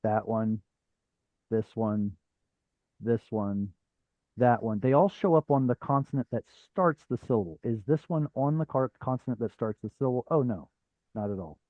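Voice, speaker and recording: A man's voice: medium pitch, no echo, narrow, tinny audio. A man teaching a Hebrew reading class over a video call, patient and step by step, with frequent fillers. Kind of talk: live online class teaching.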